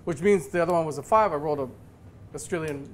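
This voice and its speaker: A man with a somewhat high, light voice talks through a tabletop wargame match in an easygoing, self-deprecating way. He hosts the stream, trading rules questions and jokes with his opponent, and a faint hiss sits under the voice. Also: fast talker. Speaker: channel host and opponent player. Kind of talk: casual play-by-play of a tabletop wargame.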